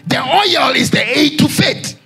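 A man preaching a sermon as pastor, raising his voice in shouted, singsong lines and asking the congregation questions for them to answer. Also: extremely high pitch, animated, unhurried, slightly rough, faint music behind. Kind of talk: call-and-response sermon.

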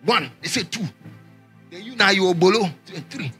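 A man preaching a sermon as pastor, raising his voice in shouted, singsong lines and asking the congregation questions for them to answer. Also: sits high, expressive, brisk, soft background music. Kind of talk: call-and-response sermon.

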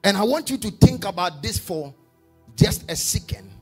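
A man preaching a sermon in call-and-response style, often rising to shouts. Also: high voice, animated, normal speed, slightly rough, soft background music.

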